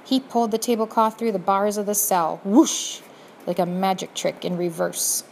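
A woman narrates a storybook aloud, turning now and then to speak straight to the reader. Her voice sits at an ordinary middle pitch, and a faint noise hums under the reading. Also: normal speed, creaky, low-quality recording. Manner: addresses the listener directly, gently expressive. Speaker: audiobook narrator.

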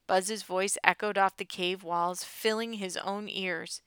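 A woman narrating a children's adventure story with expressive storytelling, recorded close to the mic. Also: mid-range voice, takes it slowly, hardly any pauses, clear, resonant tone, no echo. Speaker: audiobook narrator. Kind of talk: scripted narration.

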